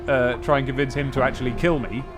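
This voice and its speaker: A man's voice: medium pitch, fairly even intonation, fast talker, music in the background. A man playing a role-playing game, reading its text aloud and thinking through his choices in a casual, musing way. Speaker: let's play host.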